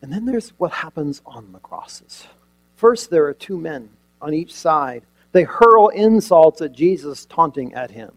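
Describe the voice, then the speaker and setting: A man preaching a sermon, retelling a scene dramatically with rhetorical questions and sudden shifts from loud emphasis to near quiet. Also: fairly high pitch, animated, a little slow, vocal fry, rough recording.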